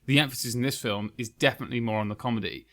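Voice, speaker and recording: A man in casual podcast chat who reviews films bluntly and with gusto. His voice sits at an ordinary middle pitch. He talks in an animated way and does not mind swearing. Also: rapid-fire. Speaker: podcast co-host.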